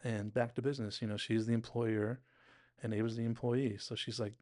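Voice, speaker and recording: A man's voice: mid-range voice, level tone, a little fast, darkish tone. A young man casually retelling and analysing a TV episode, rambling with fillers and restarts. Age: young adult. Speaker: show recap host.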